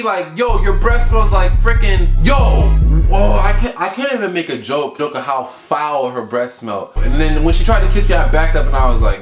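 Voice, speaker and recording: A young man telling a profane storytime tale, animated and swearing, swinging from low mutters to shouts. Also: moderate pace, hardly any pauses. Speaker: vlogger. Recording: echoey room with music underneath.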